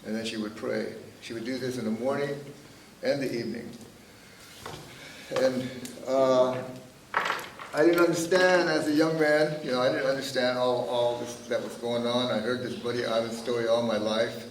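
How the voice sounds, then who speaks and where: A man in his seventies telling his family's history at a teach-in, halting and full of "uh" and "you know". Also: mid-range voice, fairly even intonation, a little hiss or hum. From Northern California. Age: 70s. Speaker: speaker at a teach-in. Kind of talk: personal storytelling talk. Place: meeting room. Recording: echoey room, recorded from a distance.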